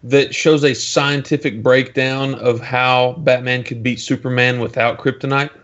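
A man on a podcast chat whose speech is a bit halting, often repeating his words. His voice is an ordinary middle pitch. The sound is dull and lo-fi. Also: flat delivery, a bit bright. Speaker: podcast co-host. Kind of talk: casual chat.

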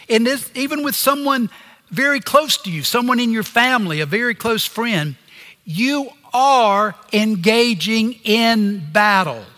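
Male preacher, high voice, slow deliberate sermon delivery, earnest. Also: bright, forceful tone, long reverb tail. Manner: earnest, pausing preaching with phrases dropping low at the end.

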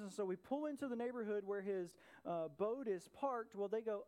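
A man's voice: high-pitched, moderate pace, mellow. A man from Georgia preaching a sermon, telling a personal story in a casual, conversational way and checking in with his listeners. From Atlanta, Georgia, US. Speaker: pastor.

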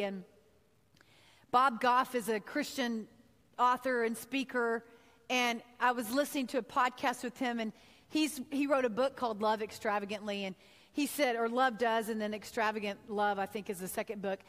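A woman's voice: on the high side, steady tone, moderate pace, fairly bright tone, big-room sound. A woman from Texas giving a heartfelt sermon-style talk, telling a personal story and acting out her own thoughts. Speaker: speaker giving a devotional talk.

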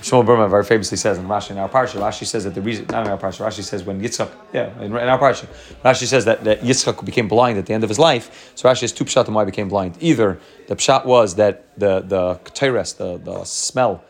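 A man's voice: on the low side, fast talker. A man teaching a Torah class, explaining at length with frequent restarts and Hebrew terms mixed into his English.

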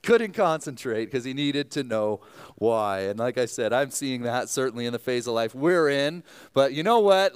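A male pastor in his thirties preaching with a smooth, resonant voice at a mid pitch. He prays quietly and earnestly, then tells stories in an animated way, with the odd "uh" along the way. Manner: earnest prayer, then animated storytelling with fillers. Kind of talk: sermon.

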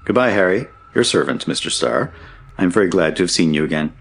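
A man's voice: low-pitched, lively intonation, fast, creaky, breathy edge, exaggerated voice. A man voicing a merry young Scottish miner. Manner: merry, hearty. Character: cheerful young male Scottish miner turned farmhand. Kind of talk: audiobook character voice.

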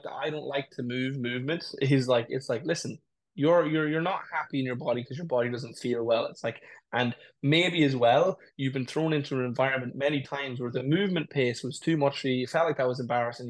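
A man co-hosting a podcast, talking reflectively and often starting with "it's like, listen". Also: mid-range voice. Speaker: podcast co-host. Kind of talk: casual chat.

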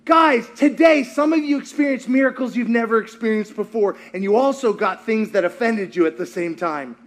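A male pastor preaching a sermon in a lively, joking way, acting out scenes as he goes. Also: sits high, moderate pace. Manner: animated, joking, acts out scenes.

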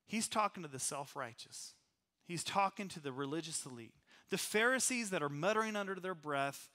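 A pastor delivering a sermon in a church. His voice sits high and sounds bright and forceful. He talks conversationally, restarts phrases and lets lines trail off low.

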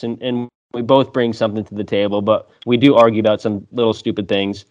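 A young man chatting as a podcast guest, relaxed, laughing often and swearing freely. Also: lowish voice, fairly quick, few pauses. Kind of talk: casual conversation.

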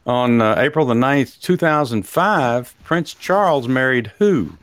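A man's voice: medium pitch, lively intonation, a little slow, no echo. A man with a Texan accent hosting a casual talk show, rambling with many fillers and frequent chuckles. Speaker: host. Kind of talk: casual podcast chat.

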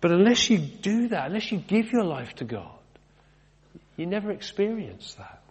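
A man's voice: sits high, very animated, moderate pace, slightly rough. A middle-aged British man, a vicar preaching a sermon in a chatty, conversational way, throwing in rhetorical questions and wry asides about himself. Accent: British English. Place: church. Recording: long church reverb.

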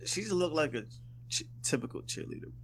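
A man's voice: fairly high pitch, animated, normal speed, a little hiss or hum. A young man co-hosting a podcast, laid-back and slangy, often hesitating as he talks. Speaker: podcast co-host. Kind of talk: casual chat.

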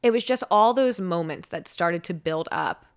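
With a fairly low, smooth voice showing vocal fry, a twenty-something American radio personality tells a personal story as a podcast guest. She's chatty and leans heavily on "like" and "um," speaking at a moderate pace with lively intonation.

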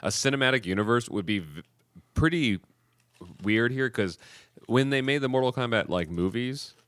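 A man's voice: mid-range voice, animated, moderate pace, a bit bright, no room sound, studio quality. A man hosting a podcast in casual chat, rambling with many fillers and restarts. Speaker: podcast host.

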